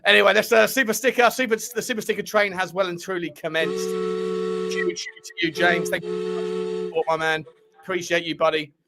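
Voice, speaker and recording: A high-pitched man chatting on a casual football livestream. He talks in a loose, bantering way, full of shout-outs to the viewers. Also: steady tone, a little fast, gravelly, crowd noise. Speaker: co-host.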